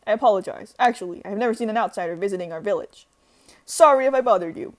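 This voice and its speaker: A woman reading the lines of a polite, measured young man from a visual novel, in her own voice. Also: medium pitch, lightly acted.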